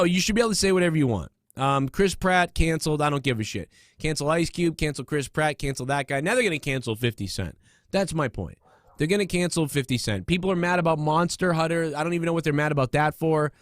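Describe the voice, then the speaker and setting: A man's voice: a little high, fairly bright tone, no room sound, studio quality. A man hosting a comedy podcast, ranting casually with constant fillers, restarts and swearing. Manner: rambling, profane, many fillers and restarts. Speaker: podcast host.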